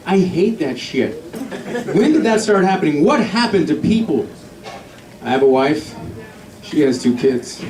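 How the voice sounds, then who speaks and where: A middle-aged man performing a stand-up comedy set, telling a story and acting out quotes with sudden loud shifts. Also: fairly high pitch, sing-song, unhurried, pauses often, recorded from a distance. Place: comedy club stage with a laughing audience. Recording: echoey live club audio with crowd laughter.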